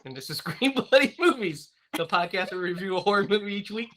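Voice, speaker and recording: Upbeat male podcast host, bright voice, casual chat, laughs easily. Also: high voice, animated, fast.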